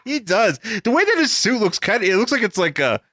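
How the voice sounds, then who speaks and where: A man trading jokes about an old comic on a podcast, voice sitting a bit high. He laughs often and tosses in quick asides. The recording is dry and close. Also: big pitch swings, pushed and bright, no echo. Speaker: podcast co-host. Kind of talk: casual comic book chat.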